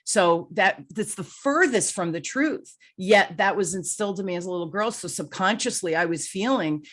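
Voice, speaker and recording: A woman in her sixties from Newark, New Jersey, hosting a conversational interview and telling stories with animated quoted voices. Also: on the low side, normal speed. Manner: animated storyteller who acts out quoted voices. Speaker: podcast host.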